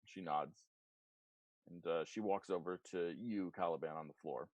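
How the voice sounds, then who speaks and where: A man narrating as game master of a tabletop game, relaxed and amused, with many fillers. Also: low voice, normal speed, dry recording, lo-fi sound.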